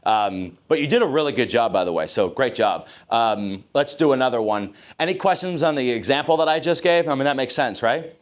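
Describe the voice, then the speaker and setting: Male sales trainer, mid-pitched, coaching a team live, acts out customer lines. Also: lively intonation, fairly quick, hardly any pauses.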